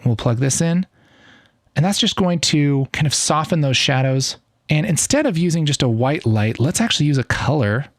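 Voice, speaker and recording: A man in his thirties walking through a software tutorial in a casual, upbeat and enthusiastic way. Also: on the high side, animated, moderate pace, dry recording, studio quality. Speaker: video editing tutor. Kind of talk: casual screen-recorded tutorial.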